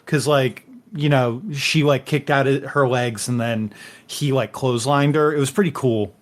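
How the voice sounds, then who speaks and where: A man narrating a tabletop game as game master, rambling and halting with many fillers. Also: mid-range voice, steady tone.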